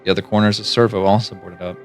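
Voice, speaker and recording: A man streaming live, reading a gamebook aloud in hushed, low-key second-person narration. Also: little pitch movement, rapid-fire, soft background music.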